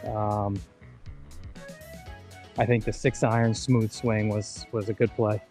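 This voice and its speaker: A man's voice: lowish voice, little pitch movement, slow, darkish tone. Man, golfer and co-host, casual think-aloud delivery on an outdoor course, faint music behind. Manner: thinks aloud through each shot. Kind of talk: casual livestream chat. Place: outdoor golf course in rain.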